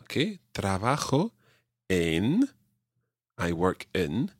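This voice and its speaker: A man teaching a podcast language lesson, drilling his learner with clear repeated phrases. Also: sits low, wildly swooping pitch, slow pace, no echo, studio quality.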